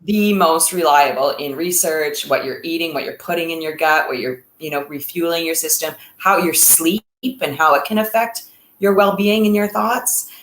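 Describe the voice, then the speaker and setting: A woman's voice: low voice, moderate pace, a bit bright, reverberant, low-quality recording. A woman co-hosting a casual talk on mental health in a reflective, encouraging way. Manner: reflective, encouraging, speaks in lists. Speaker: co-host.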